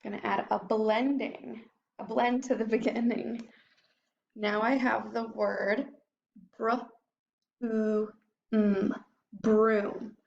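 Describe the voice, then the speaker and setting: A young woman teaching a phonics lesson to young children, sounding out word parts slowly and clearly. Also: a little high, steady tone, a little mellow, muffled recording. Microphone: computer microphone.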